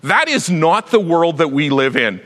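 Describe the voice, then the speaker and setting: Male pastor preaching, bright forceful voice, animated storytelling, long hall reverb. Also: on the high side, unhurried. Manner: animated storytelling, acts out Bible characters. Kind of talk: sermon.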